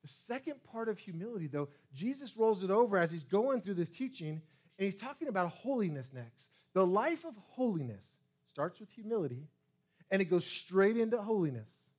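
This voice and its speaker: Male pastor, fairly high voice, very lively pitch, preaching a sermon, swinging loud and soft. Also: moderate pace. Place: church sanctuary.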